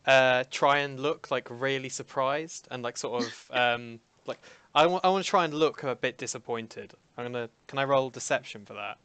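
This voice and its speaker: Male player, hesitant and questioning, smooth clear voice, dry close recording. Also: mid-range voice, moderate pace, a bit bright, dry recording. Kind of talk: tabletop game play.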